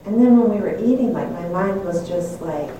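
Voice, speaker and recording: An older woman shares a personal story with candor and reflection, often laughing at herself. Her mid-range voice is animated and dark in tone, moving at a normal speed. The echoey room and distant mic add a little hiss or hum.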